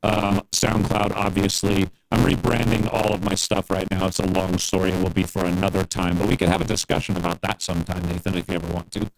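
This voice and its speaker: A man's voice: sits low, steady tone, a little fast, vocal fry, hardly any pauses, slight background noise, poor audio. A man chatting casually on a livestream as a guest music producer, earnest and encouraging, rambling with fillers.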